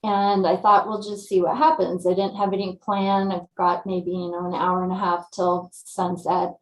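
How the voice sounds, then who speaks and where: A woman from California, a guest telling her story in a lively, casual way and acting out her own thoughts. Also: lowish voice, moderate pace, echoey room, poor audio. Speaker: interview guest.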